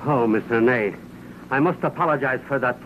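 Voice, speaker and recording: An actor playing a fawning, nervous middle-aged film producer who wheedles and flatters. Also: male voice, medium pitch, normal speed, lightly acted. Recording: dull 1929 film soundtrack, faint hiss.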